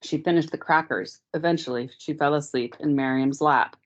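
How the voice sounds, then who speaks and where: A woman teacher reading a novel aloud to a class in a steady, measured way, on dull lo-fi meeting audio. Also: deep voice.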